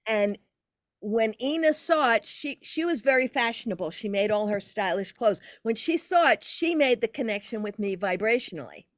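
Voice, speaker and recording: Older woman, higher voice, dry close sound, animated storyteller, guest on a chat podcast. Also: moderate pace, no room sound. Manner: animated storyteller with lively pitch swings. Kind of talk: casual storytelling interview.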